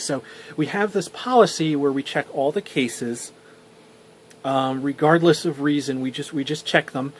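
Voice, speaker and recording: A man's voice: a little high, moderate pace, a little hiss or hum. A young man telling a story for a vlog. He rambles, swears and restarts his sentences often. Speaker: vlogger.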